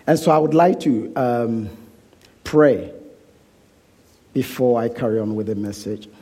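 A man preaching a sermon, deliberate and emphatic, repeating phrases for weight, dropping to a hush when he prays. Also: medium pitch, husky. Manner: soft, hushed prayer.

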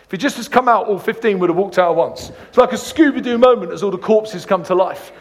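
Guy preaching, kinda high voice, cracks jokes and tells little stories. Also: fast, big-room sound. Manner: jokey, storytelling, animated asides. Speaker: guest preacher. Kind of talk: sermon with humorous anecdotes.

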